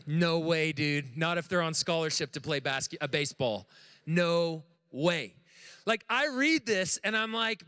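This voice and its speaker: American man preaching, high voice, bright tone, animated and jokey. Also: a little slow, clear, resonant tone, long reverb tail. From United States. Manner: animated, jokey storytelling to a live congregation. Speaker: pastor. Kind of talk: sermon. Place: church room with audience.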